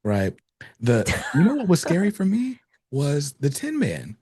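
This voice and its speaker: A man's voice: a little high, wildly swooping pitch, a little slow, dark tone, breathy edge, dry recording, studio quality. A man hosting a casual comics podcast interview, easygoing and loose, asking open questions with lots of filler words. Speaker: podcast host.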